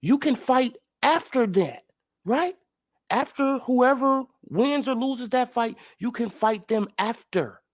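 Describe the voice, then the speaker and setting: A man's voice: very high-pitched, expressive, slow. A man ranting in sports commentary as a vlogger, profane and incredulous, firing off heated rhetorical questions.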